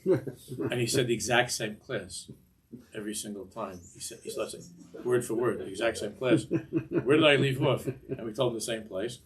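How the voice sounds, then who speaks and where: A man's voice: fairly low pitch, moderate pace, crowd noise. An older man teaching a Torah class in a discursive way, often repeating words and mixing in Hebrew phrases.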